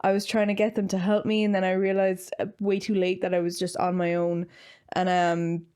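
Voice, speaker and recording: A woman's voice: on the low side, completely flat delivery, a little fast, darkish tone, smooth. A young woman chatting casually as a podcast guest, telling rambling stories full of fillers. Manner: rambling, filler-heavy storytelling. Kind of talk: casual chat.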